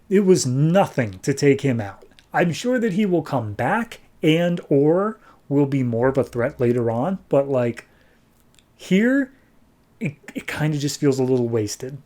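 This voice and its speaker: A man recapping comics on a podcast in a loose, enthusiastic way, with a mellow, relaxed tone. His pitch sits in a middle range and he swears casually. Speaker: podcast host.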